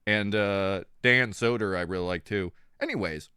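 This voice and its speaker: Male streamer, rambling and animated, bright voice, coughing at times. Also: on the low side, moderate pace, clear, resonant tone, dry recording, clean studio sound. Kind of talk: casual stream chat.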